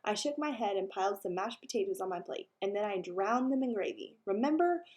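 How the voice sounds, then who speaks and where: A woman teacher reading a children's book aloud, expressive storytelling. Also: medium pitch, fairly quick.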